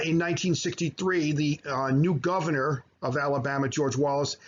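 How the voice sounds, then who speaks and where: A man's voice: on the high side, a little hiss or hum. Man, teacher, recorded slideshow lecture, filler-heavy explaining, lo-fi sound. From United States. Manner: explanatory, with frequent fillers and self-corrections. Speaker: high school history teacher.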